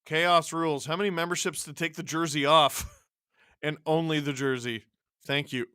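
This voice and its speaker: A man's voice: fairly high pitch, moderate pace, clear, resonant tone, no room sound, studio quality. A man hosting a live watch-along stream, calling the game, yelping at big plays and joking with his chat. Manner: excitable, yelps and shouts at big plays; jokey banter with chat. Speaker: streamer and show host.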